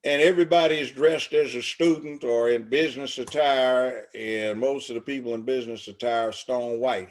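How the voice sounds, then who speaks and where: An older man from Los Angeles, talking as an interview guest in an emphatic, preachy way with long lists. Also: medium pitch. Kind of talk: casual interview talk.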